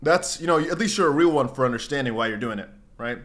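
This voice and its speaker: A man's voice: mid-range voice, fast talker. A young man hosting a livestream, chatting casually and rambling as he reads out viewer comments, often dropping into mock voices. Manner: animated, rambling, jumps into mock voices and exclamations. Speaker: crypto livestream host.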